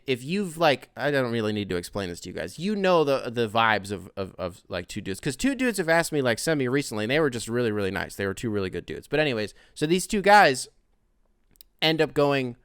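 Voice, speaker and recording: Casting note: young male host in his twenties, smooth clear voice, dry close sound, swears freely while rambling through a story. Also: medium pitch, no room sound. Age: 20s. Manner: profane, rambling, animated retelling. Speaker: podcast host. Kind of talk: casual monologue storytelling.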